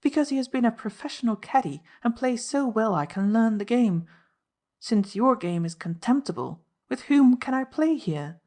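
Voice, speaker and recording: A woman's voice: fairly high pitch, expressive, normal speed, a little mellow, pitched above the performer's own voice, natural voice. A woman voicing a fearless, mischievous young woman in an audiobook reading, speaking with a teasing, scornful tone.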